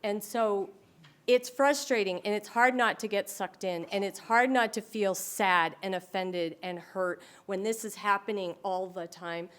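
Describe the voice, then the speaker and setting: A woman who speaks on dementia care presents to an audience, telling stories animatedly and acting out the voices of other people. Her voice is mid-range and her pace measured.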